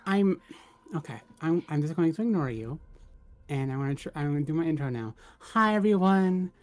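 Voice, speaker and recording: A woman's voice: sits low, expressive, normal speed, darkish tone. A woman playing in a tabletop game stream, teasing and a bit sarcastic in casual chat. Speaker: player.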